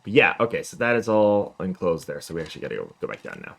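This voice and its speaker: A man's voice: sits low, sing-song, fast, vocal fry, fairly bright tone, a little hiss or hum. A male gaming streamer chatting casually through a let's play, self-mocking and upbeat.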